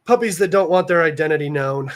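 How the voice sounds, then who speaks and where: A man's voice: on the high side, lively intonation, fast. Young man, American, casual livestream chat, rambling with fillers, a bit nasal, home room. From United States. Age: young adult. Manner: rambling, chatty, many fillers and restarts. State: slightly nasal from allergies. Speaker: livestream host.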